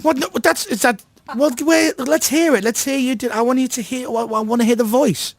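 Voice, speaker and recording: A man's voice: very high-pitched, fairly even intonation. A man hosting a radio show, firing off teasing questions in casual studio banter. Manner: teasing, quick-fire questions. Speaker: radio host. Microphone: studio microphone.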